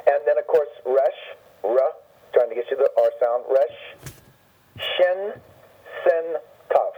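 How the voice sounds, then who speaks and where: Husky man teaching letters over a dull phone line. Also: fairly high pitch. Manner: deliberate, repeats and spells out each letter. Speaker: phone-in guest teaching the Hebrew alphabet. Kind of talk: patient spoken lesson on a radio call. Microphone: telephone.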